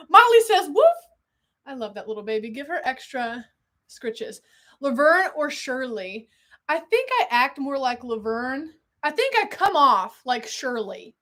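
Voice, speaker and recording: A young woman with a high, bright-pitched voice chats on a live unboxing stream. She is excitable and rambling, swears casually and keeps drifting from one tangent to the next. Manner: excitable, rambling storyteller who swears freely and keeps getting sidetracked.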